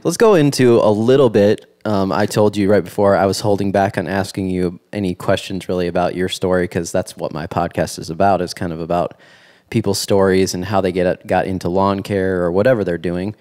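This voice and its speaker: A man's voice: deep voice, steady tone, a little fast, darkish tone. A man hosting a podcast interview, asking questions in an easygoing way and often answering with short yeahs and mm-hmms. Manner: easygoing, with frequent short backchannels. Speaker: podcast host. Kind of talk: casual interview chat.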